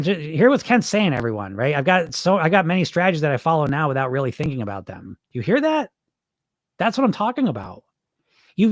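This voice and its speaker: Man, weight-loss podcast host, blunt, swears, high lively voice. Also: dry recording, studio quality. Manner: blunt, profane, animated and emphatic. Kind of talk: unscripted podcast monologue reading listener comments.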